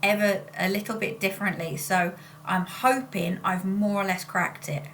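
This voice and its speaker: In a casual vlog chat, a woman who works as a spiritual channeler rambles on, often interrupting herself with corrections. She talks at a moderate pace in a mid-range, slightly bright voice with fairly even intonation, over a faint hiss or hum.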